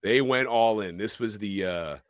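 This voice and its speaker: A man's voice: lowish voice, measured pace, no room sound, studio quality. A man co-hosting a podcast, telling a horror film's plot as a dramatic recap. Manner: dramatic storytelling recap with quoted lines. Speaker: podcast co-host.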